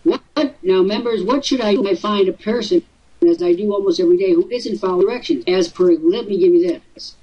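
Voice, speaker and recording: A man in his seventies hosting a live webinar, teasing and firing off rhetorical questions, his voice swooping high for emphasis. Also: brisk, husky. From Illinois, USA. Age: 70s. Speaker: host. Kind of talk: webinar talk. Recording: dull lo-fi webinar audio.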